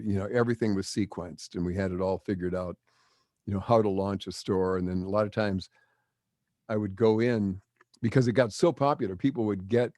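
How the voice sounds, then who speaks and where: Older man, veteran broadcaster; deep voice, dry sound, lively storyteller. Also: no echo. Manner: animated storyteller acting out quotes. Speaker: guest, broadcaster. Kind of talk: storytelling interview.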